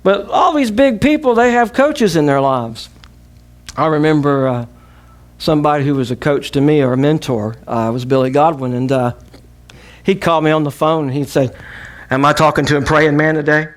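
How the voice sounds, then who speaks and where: A middle-aged pastor with a Southern US accent and a fairly high voice preaches at normal speed. His sermon is emphatic, and he calls on the congregation to repeat after him in call-and-response.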